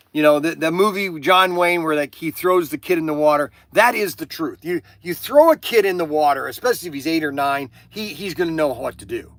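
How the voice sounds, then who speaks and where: An older man talking casually on his livestream, with a bright, forceful voice pitched a little high for a man. He rambles and restarts often, and the sound is close and dry. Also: creaky, dry recording. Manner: halting, with many restarts and asides. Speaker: livestream host.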